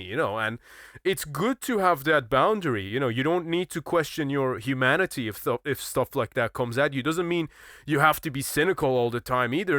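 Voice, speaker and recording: This man has a bright, forceful voice that sits in an ordinary pitch range. He talks in a loose, animated podcast way, breaking into laughter and cursing casually. The sound is dry and close, with no room in it. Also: no room sound. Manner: laughs often, swears freely, animated storytelling.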